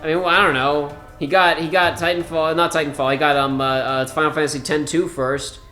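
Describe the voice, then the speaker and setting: A man's voice: on the high side, little pitch movement, fairly quick, bright, forceful tone, roomy sound, faint music behind. A man casually commenting on a video game he plays, rambling and joking, often restarting his sentences. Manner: rambling, jokey, trails off and restarts. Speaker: let's play commentator.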